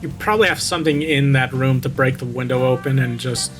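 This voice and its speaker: A man's voice: mid-range voice, brisk, music in the background. A man reading a creepypasta aloud and breaking off to mock it with sarcastic commentary, close to the mic. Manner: sarcastic, interrupts the story to make fun of it.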